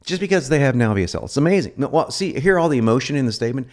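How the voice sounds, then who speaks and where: A man giving an informal copywriting lesson, animated and joking as he explains. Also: mid-range voice, rapid-fire. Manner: animated, joking asides, lively delivery. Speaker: copywriting instructor. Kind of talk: informal teaching.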